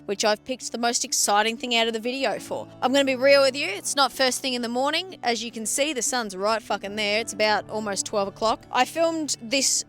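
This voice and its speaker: A woman's voice: on the high side, brisk, hardly any pauses, fairly bright tone, soft background music. A woman with an Australian accent, a farmer vlogging outdoors on her sheep farm into a phone, talking bluntly with lots of swearing and sarcasm. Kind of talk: casual vlog chat.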